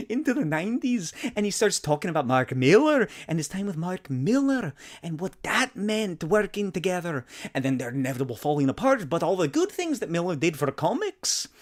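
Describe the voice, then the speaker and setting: A man's voice: fairly high pitch, sing-song, moderate pace. A man doing a Scottish comic writer impression. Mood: recapping. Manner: rambling storytelling recap. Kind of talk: impression while recapping a book.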